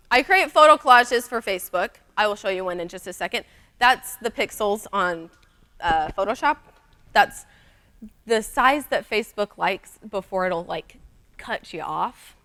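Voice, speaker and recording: A woman's voice: medium pitch, animated, unhurried, bright, forceful tone. A young woman giving a chatty, upbeat conference talk, speaking straight to the audience. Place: conference room.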